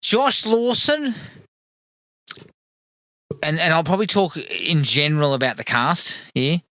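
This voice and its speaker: A man's voice: a little high, measured pace, no room sound. Laid-back man chatting films. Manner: relaxed, sweary, agreeable. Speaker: podcast co-host. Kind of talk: casual film review chat.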